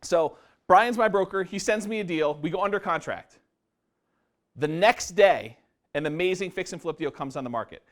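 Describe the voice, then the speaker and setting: A man's voice: high-pitched, moderate pace. A man presenting a live seminar on real estate investing to an audience, often quizzing them with questions. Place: meeting room before a live audience.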